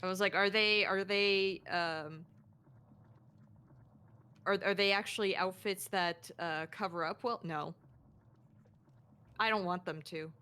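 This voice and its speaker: A woman's voice: medium pitch, fairly even intonation, slow, pauses often, sharp tone, clean tone. A young woman who made the game, chatting casually about its design with stammering restarts. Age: young adult. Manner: hesitant, stammering restarts, laughing asides. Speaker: game developer commenting. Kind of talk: casual developer commentary.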